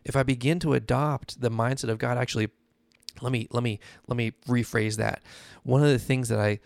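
A man's voice: medium pitch, fairly even intonation, brisk, vocal fry, no echo, studio quality. A man hosting a podcast, talking through a Bible passage in a casual teaching style, often checking in with "right?". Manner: conversational, often adds "right?". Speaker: podcast host.

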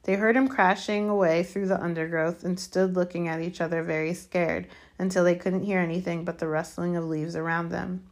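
A woman reading a children's fantasy chapter aloud as narrator, steady and measured. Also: lowish voice. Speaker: audiobook reader. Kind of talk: storybook narration.

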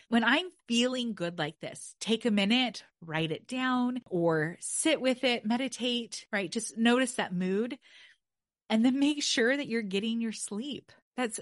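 A woman's voice: fairly high pitch, fairly bright tone, no echo, clean studio sound. A woman hosting a podcast, teaching in a chatty, upbeat way and coaching listeners through breathing exercises from her desk microphone. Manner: chatty and upbeat, laughs at own jokes. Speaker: podcast host teaching about the brain. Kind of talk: casual teaching talk with guided breathing. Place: at a desk, indoors. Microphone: desk microphone, leaning in close.

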